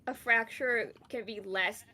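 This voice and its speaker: A young woman from Canada chats casually over a game stream, rambling through a story with lots of "like" and restarts. Her voice sits a touch high, with a faint hiss of noise underneath. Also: slow, pushed and bright. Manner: rambling storyteller, many fillers. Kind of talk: casual chat while gaming.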